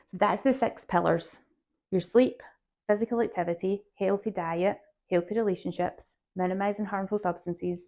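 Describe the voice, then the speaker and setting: A woman's voice: lowish voice, vocal fry. A woman hosting her own podcast, talking earnestly and encouragingly straight to her listeners. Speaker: podcast host and health coach. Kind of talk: solo podcast talk. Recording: tinny phone-like sound.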